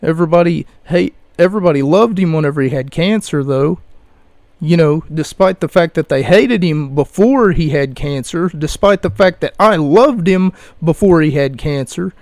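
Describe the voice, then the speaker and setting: Sarcastic gravelly man ranting on a podcast. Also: a little high, lively intonation, moderate pace, a little mellow, no echo. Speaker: podcast host.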